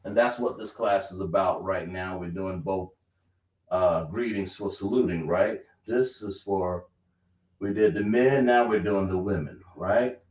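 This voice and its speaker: Man, teacher, slow delivery, quizzing the class, roomy echo, dull lo-fi sound. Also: sits low, a little mellow. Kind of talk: classroom lesson.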